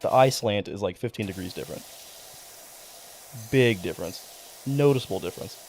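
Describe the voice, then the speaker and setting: A man's voice: fairly low pitch, normal speed, slight background noise. A young man chatting casually on a livestream, rambling, cursing freely and getting worked up as he talks. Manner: rambling, profane, excitable. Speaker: streamer.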